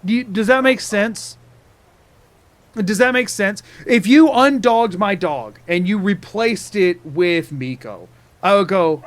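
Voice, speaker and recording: A man's voice: sits high, takes it slowly. Playful rambling male streamer. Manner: playful, rambling, repetitive wordplay. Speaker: game streamer. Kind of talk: casual live-stream chat.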